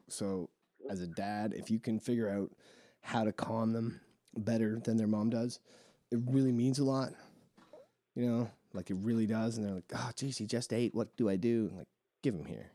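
A man hosting a podcast in casual chat, frank and crude, laughing often and talking excitedly. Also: medium pitch, no echo, studio quality. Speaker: podcast host.

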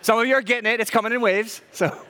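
A man's voice: extremely high pitch, steady tone, fast talker, bright, forceful tone. A middle-aged man, a pastor, preaching a sermon emphatically, with humor and rhetorical questions to his congregation in a church sanctuary. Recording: long hall reverb.

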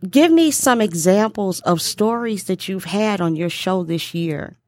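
A woman's voice: mid-range voice, animated, darkish tone, dry recording. A middle-aged American woman hosting a podcast, chatting in an upbeat, emphatic way. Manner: upbeat, emphatic, drawn-out listing. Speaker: podcast host. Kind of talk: casual podcast conversation.

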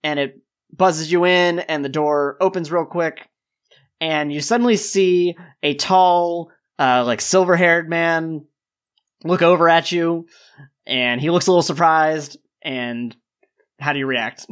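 A man running a tabletop role-play game as game master, relaxed and joking, with loose rambling narration. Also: fairly high pitch, unhurried, clear, resonant tone. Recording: dull, lo-fi mic.

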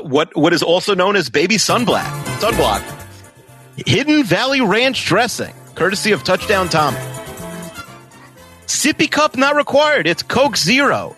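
A man's voice: high-pitched, pushed and bright. A man co-hosting a mock game show, reading out products in a jokey, hyped announcer voice. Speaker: co-host presenting prizes. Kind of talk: announcer-style product reads.

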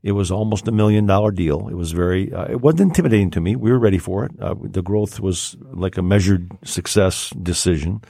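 A man's voice: sits low, brisk, gravelly, few pauses, dark tone, breathy edge, no echo, clean studio sound. An older man, telling a long personal story in casual conversation, rambling with many fillers and restarts. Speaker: podcast guest.

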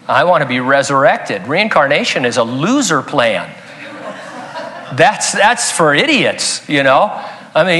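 A man's voice: mid-range voice, a bit bright. A man preaching a sermon in a conversational, emphatic way with joking asides. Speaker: pastor.

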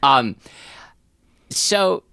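Halting, animated man chatting. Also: medium pitch, creaky, clean tone, no echo, clean studio sound. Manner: halting, hesitant, many restarts and fillers, animated. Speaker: co-host. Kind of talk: casual comic chat.

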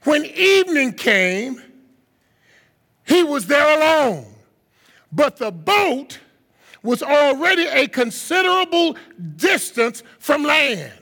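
A man with a strikingly high, bright, forceful voice preaches from the pulpit, lively and theatrical. Gravel creeps into his tone, and his words ring out in a large hall with long reverb. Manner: animated preaching, acts out voices of disciples with sudden high shouts. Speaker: guest speaker. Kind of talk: sermon.

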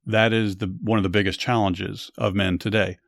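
A man hosting a podcast, telling Bible stories in a measured, earnest way and adding commentary. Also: fairly low pitch, flat delivery, creaky, no echo. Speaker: podcast host. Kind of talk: Bible story narration with commentary.

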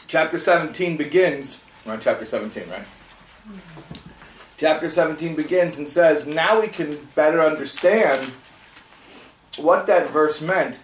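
A man's voice: fairly high pitch, animated, a little slow, pauses often, reverberant, recorded from a distance, slight background noise, rough recording. A man teaching a classroom lesson on a religious text, talking conversationally and asking his students rhetorical questions.

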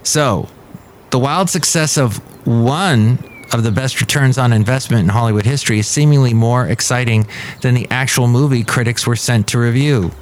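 A man's voice: medium pitch, normal speed. Male podcast host, casual, wry rambler, faint background hiss. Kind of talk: casual solo podcast chat. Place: café.

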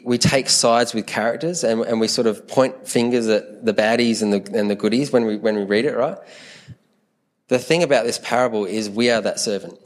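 A man preaching a sermon in an earnest, conversational way, often repeating words as he thinks aloud. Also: mid-range voice.

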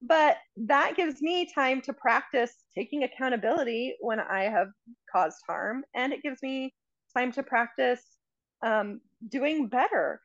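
A woman's voice: high-pitched, lively intonation, measured pace, no echo. A woman in casual conversation, talking earnestly and reflectively as a coach, giving everyday examples. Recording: dry, dull lo-fi sound.

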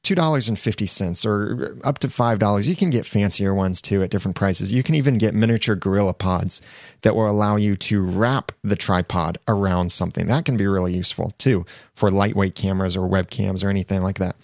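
Host type: man, lowish voice, casual gear explainer, dry close sound. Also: no echo. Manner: chatty, self-correcting, slows down to stress items. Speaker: podcast host reviewing gear.

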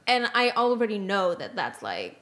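A woman's voice: mid-range voice, sing-song, normal speed, fairly bright tone. A young woman from Serbia with a Serbian accent, chatting casually as a guest and telling stories with many fillers. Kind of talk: casual chat.

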